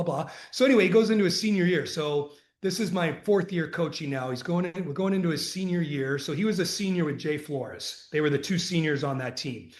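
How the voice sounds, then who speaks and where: A man, a retired college basketball coach, telling earnest, animated stories about his teams as a podcast guest. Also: a little high, roomy sound. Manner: earnest, animated anecdotes, acts out dialogue. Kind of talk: conversational storytelling.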